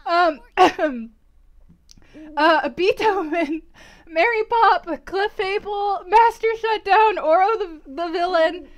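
A woman's voice: very high-pitched, slow. A woman livestreaming, giggling and gushing as she thanks viewers and reads out long lists of names.

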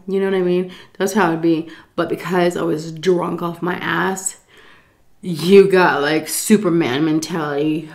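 Young woman with a lowish voice telling a rowdy family story, loud quotes. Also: slow. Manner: animated, swearing, acts out quotes loudly. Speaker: storytime vlogger. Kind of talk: casual storytelling.

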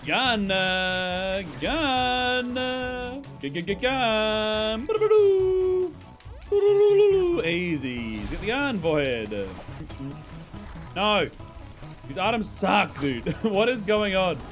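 A young man streaming a video game, chatting casually and excitably, swearing and laughing as he plays. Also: sits high, takes it slowly, soft background music. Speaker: gaming streamer. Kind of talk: live gameplay commentary.

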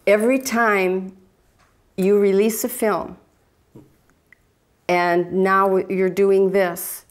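A woman's voice: medium pitch, flat delivery, drawn-out words, clean tone. A woman talking candidly and reflectively about faith and her marriage in casual conversation. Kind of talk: casual testimony.

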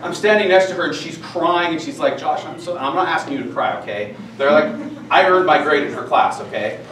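A man's voice: on the high side, a little fast. A man presenting a training session to teachers, speaking earnestly and candidly and sharing personal stories. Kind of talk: professional development talk to teachers. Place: school meeting room. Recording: echoey room from far off, faint noise.

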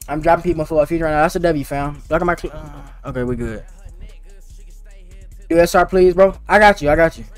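Young guy streaming games, high voice, talks fast n slangy, dry sound w faint music behind. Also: no room sound. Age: young adult. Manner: fast-talking and slangy, teasing viewers. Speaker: game streamer. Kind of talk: casual gaming livestream chat.

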